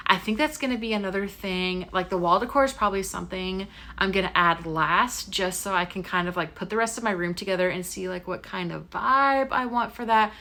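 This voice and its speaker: A woman's voice: medium pitch, sharp tone. A young woman chatting casually to camera at home about her plans, full of likes and ums. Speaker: lifestyle vlogger. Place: bedroom at home.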